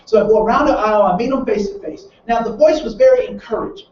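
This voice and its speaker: A diversity workshop trainer with a mid-range voice speaks fast to a live group, animatedly acting out the people in a story and often restarting mid-phrase with repeated words. The sound is picked up from far across a roomy, echoing space, so it comes through muffled and lo-fi with faint ambience underneath.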